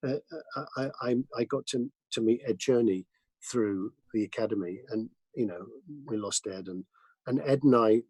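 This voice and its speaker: A man, a mixing engineer, telling studio anecdotes as a guest in a casual interview, lively and full of restarts. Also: lowish voice, moderate pace, no echo, low-quality recording. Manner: animated anecdotes with many restarts and fillers.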